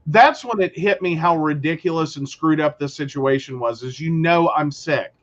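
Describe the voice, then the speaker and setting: A man with a high voice co-hosts a casual talk show. He tells stories in an animated way and acts out what people said. The audio is slightly muffled and lo-fi. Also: moderate pace. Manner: animated storyteller who acts out quotes. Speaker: podcast co-host. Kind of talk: casual chat.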